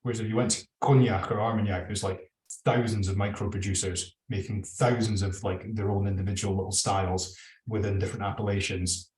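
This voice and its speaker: A man's voice: on the low side, fairly even intonation, brisk, darkish tone, roomy sound, poor audio. A man with a Scottish accent talking casually over a video call, opinionated and rambling. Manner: opinionated, rambling, self-described drinks geek. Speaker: guest whisky bottler. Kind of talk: casual virtual tasting chat.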